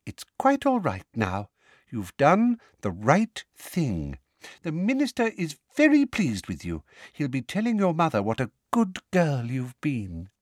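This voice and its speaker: A man's voice: on the high side, huge pitch swings, a little slow, no room sound, studio quality, pitched above the performer's own voice, full character voice. A man doing a sickly-sweet witch. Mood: coaxing. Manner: silky, falsely sweet, turns snappish. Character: silky, sickly-sweet middle-aged witch official.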